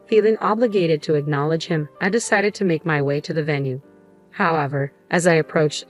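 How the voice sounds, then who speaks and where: Woman, story narrator, low pitch, measured reading, faint music bed. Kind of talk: first-person story narration.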